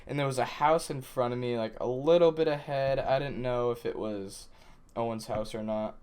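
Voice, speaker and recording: A young man hosting a podcast, chatting casually with friends and telling stories animatedly, acting out the shouts and quoted lines. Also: medium pitch, fairly even intonation, normal speed, smooth. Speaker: podcast host.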